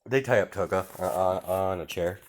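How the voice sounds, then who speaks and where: A man's voice: deep voice, normal speed, noisy background. A young man improvising a fan fiction story, rambling with many fillers and restarts.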